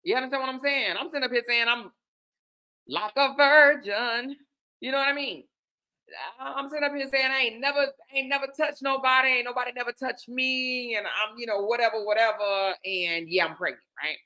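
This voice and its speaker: A woman with a bright, forceful and fairly high voice tells her own story. She talks in a lively, animated way, addressing her listeners as friends. The delivery feels like a relaxed personal story told from the heart. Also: fast. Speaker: host.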